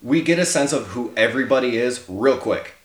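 An excited man co-hosting a casual film chat, swearing freely and laughing at his own points. His voice sits in a middle register and rings with a noticeable room echo. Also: medium pitch, a little fast. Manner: enthusiastic, swears and laughs often. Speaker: podcast co-host. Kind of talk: casual movie discussion.

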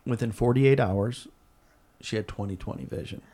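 A man being interviewed, telling a story in a conversational way, earnest and animated, with frequent restarts. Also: lowish voice, normal speed. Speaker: interview guest.

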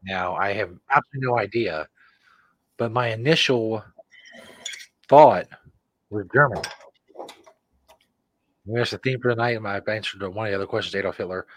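Low-voiced man reading trivia. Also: normal speed, long pauses, fairly bright tone, slight background noise. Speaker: podcast co-host. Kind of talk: casual chat, reading trivia questions.

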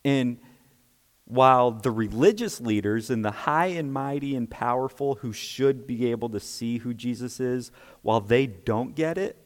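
A man's voice: medium pitch, normal speed, in a large hall. A man preaching a sermon, explaining scripture emphatically and checking in with his listeners.

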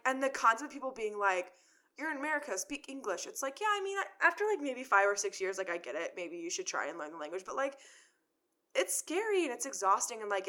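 Chatty young woman, bright and forward voice, rambling storyteller. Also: mid-range voice. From Chicago area. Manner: chatty storyteller, many "like" fillers, acts out quotes. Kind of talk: casual chat.

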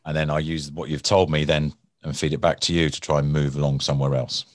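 A man's voice: rumbling low, fast, no room sound, studio quality. A man talking about negotiation in a conversational interview, often acting out angry people and restarting his words. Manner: animated storytelling, acts out angry people. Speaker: guest, former hostage negotiator.

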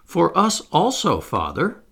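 A man raising his voice to play a proud young aristocratic lady who speaks briskly and commands. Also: a little high, huge pitch swings, creaky, fairly bright tone, pitched above the performer's own voice, full character voice. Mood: commanding.

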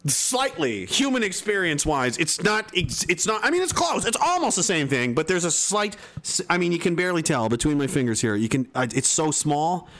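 A man's voice: a little high, very animated, fairly quick, few pauses, fairly bright tone. A man streaming, ranting in a sarcastic, rambling way with stumbling restarts. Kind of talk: casual ranting commentary. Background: music.

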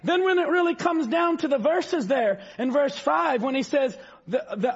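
A male preacher delivering a fervent sermon, reading scripture slowly and rising to shouts. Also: very high voice. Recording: dull lo-fi sound.

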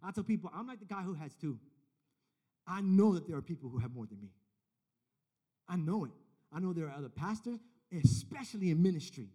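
A man with a high-pitched voice delivers a lively youth sermon. He tells stories, acts out little back-and-forth dialogues, and climbs to loud, emphatic peaks. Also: a little fast, long pauses. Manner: animated storytelling, acts out dialogue; builds to loud, emphatic climaxes. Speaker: youth pastor.

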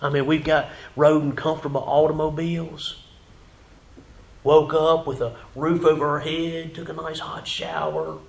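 A male pastor preaching a sermon in a church, rising to loud emphatic passages and dropping to near whispers. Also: a little high, moderate pace, gravelly, roomy sound. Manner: fervent preaching, swells loud then drops to a whisper. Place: church sanctuary.

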